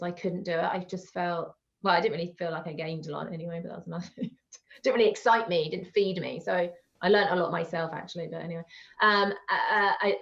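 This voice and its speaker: A woman's voice: fairly low pitch, gravelly. A woman, a guest in an interview, chatting in a rambling way and laughing between thoughts. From England. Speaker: guest, online vocal reaction creator. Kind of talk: casual interview chat. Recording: slightly dull lo-fi call audio.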